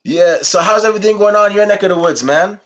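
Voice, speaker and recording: This wrestling podcast host is a man who talks fast in a high-pitched voice, and the sound is lo-fi. After a rhyming intro meant to pump listeners up, he chats loosely and tells stories.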